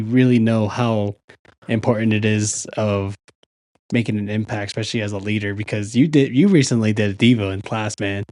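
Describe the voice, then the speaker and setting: A man's voice: on the low side, darkish tone, no echo. Reflective male podcast host. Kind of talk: casual conversation.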